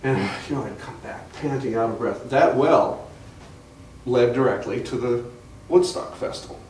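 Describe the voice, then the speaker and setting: A man's voice: medium pitch, normal speed, a little mellow. Older man telling stories in an echoey hall. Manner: rambling storyteller with frequent restarts and fillers. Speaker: guest speaker at a museum talk. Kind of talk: anecdotal public talk. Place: museum gallery, recorded from the audience. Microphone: distant camera mic. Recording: echoey room from far off, faint hiss.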